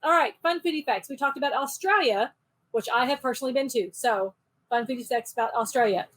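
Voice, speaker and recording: A woman co-host delivers a short, light segment, bubbly and joking throughout. Her voice sits high for a woman. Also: a little fast, fairly bright tone. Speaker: podcast co-host. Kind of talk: casual segment presenting.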